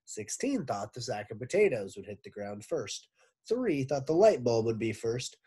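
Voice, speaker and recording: Teacher guy reading a kids book aloud, super expressive, kinda husky voice. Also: medium pitch, normal speed. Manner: expressive, animated narration. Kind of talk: storybook read-aloud.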